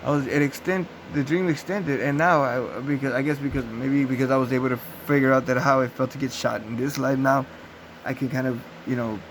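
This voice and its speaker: A man's voice: mid-range voice, fairly even intonation, fairly quick, a little hiss or hum, rough recording. A young man telling a rambling, profane story casually, acting out gunshot sounds. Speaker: vlogger.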